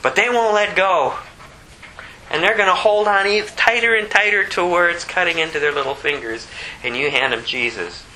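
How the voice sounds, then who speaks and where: A man's voice: normal speed, bright, forceful tone, a little hiss or hum, poor audio. A man preaching a sermon, his voice rising sharply when he gets emphatic. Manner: impassioned, pitch climbing sharply when emphatic.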